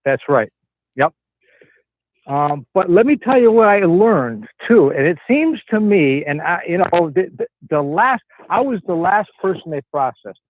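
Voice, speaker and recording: A Connecticut man phones in to a talk show and rambles through a story, restarting again and again. His voice is high and sing-song, a little slow, and comes over a dry, tinny phone line. It's a casual call-in chat.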